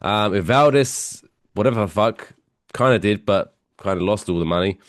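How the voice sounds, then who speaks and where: A man co-hosting a podcast in casual, joking banter, his voice going hoarse. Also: on the low side, normal speed, dry recording, clean studio sound. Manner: rambling, joking, chatty. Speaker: podcast co-host.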